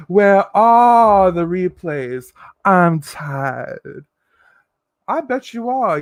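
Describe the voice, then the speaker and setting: A man hosting a casual livestream, reading viewer comments aloud and answering in a sassy, campy way with drawn-out endearments. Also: on the high side, very animated, vocal fry, dry recording, clean studio sound. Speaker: livestream host.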